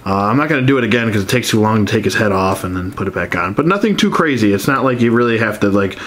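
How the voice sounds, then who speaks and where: A man's voice: lowish voice, animated, fast talker, fairly bright tone. A stuffed-up man reviewing an action figure in an easygoing, conversational way. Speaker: toy collector reviewer. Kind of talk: casual toy review.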